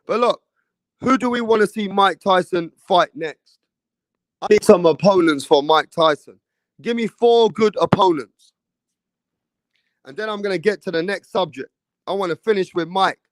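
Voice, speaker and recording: A man's voice: high-pitched, moderate pace, long pauses, dry recording. A man from England, hosting a casual live boxing chat stream and reading viewer messages. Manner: casual, chatty, slangy, keeps addressing viewers. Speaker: boxing show host.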